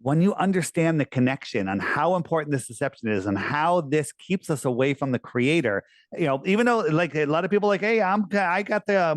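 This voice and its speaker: A man's voice: fairly high pitch, dry recording. Insistent man talking, dry sound. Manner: animated, insistent, uses mocking put-on quotes. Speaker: guest. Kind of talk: casual conversation.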